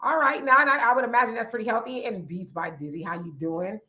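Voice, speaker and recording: A woman with a raspy voice co-hosting a casual livestream chat, reading viewer comments aloud and answering them in a conversational way. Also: on the high side, fast talker, sharp tone. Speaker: livestream co-host.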